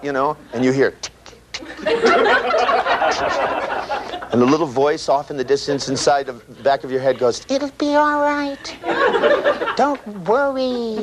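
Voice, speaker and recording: A man giving a live seminar lecture, animated and profane, full of "you know" and "right", acting out sounds with his voice. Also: medium pitch. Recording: noisy old tape recording with clicks.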